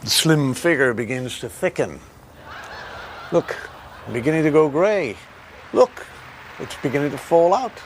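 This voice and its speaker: A man's voice: on the high side, lively intonation, measured pace, pauses often. A man speaks to camera, wry and mocking himself. His voice rises and falls widely. A faint hiss runs underneath. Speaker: comedian. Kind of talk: reflective talk to camera.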